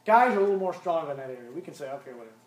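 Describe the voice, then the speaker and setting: Emphatic high-voiced male youth preacher. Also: lively intonation, racing. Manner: emphatic, repeats commands for stress. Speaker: youth pastor. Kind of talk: sermon.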